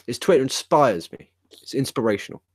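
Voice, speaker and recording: A man co-hosting a late-night wrestling chat, excitable and crude, swearing freely. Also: mid-range voice, a little fast, husky, no echo, studio quality. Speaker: podcast co-host. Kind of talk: casual chat.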